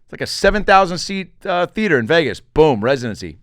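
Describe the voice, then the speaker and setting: A man's voice: a little high, dry recording, studio quality. A middle-aged man hosting a comedy podcast, telling stories in a loose, joking way and swearing casually. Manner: animated, joking, swearing, does quick voices for quotes. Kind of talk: casual solo podcast monologue.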